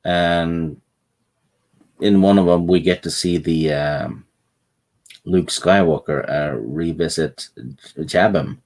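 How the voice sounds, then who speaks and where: Deep-voiced dry Norwegian man. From Norway. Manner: dry, halting, deadpan jokes. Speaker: co-host. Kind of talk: casual chat.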